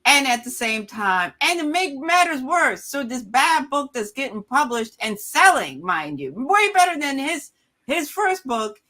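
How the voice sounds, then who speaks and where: A woman's voice: sits high, unhurried. A woman film critic in a casual podcast roundtable, telling stories animatedly, laughing often and acting out the people she quotes. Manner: animated storytelling, acts out quoted characters.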